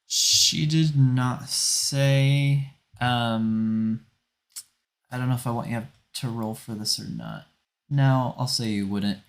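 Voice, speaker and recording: A man narrating a tabletop game as game master, relaxed and rambling with many fillers. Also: mid-range voice, slow pace.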